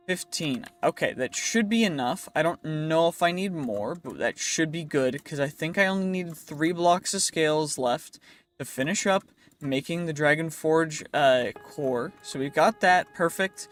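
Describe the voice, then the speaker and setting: A man's voice: on the high side, lively intonation, a little slow, fairly bright tone, faint music behind. A man giving casual, playful commentary over his own gameplay, sometimes slipping into a joking put-on accent. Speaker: gaming YouTuber.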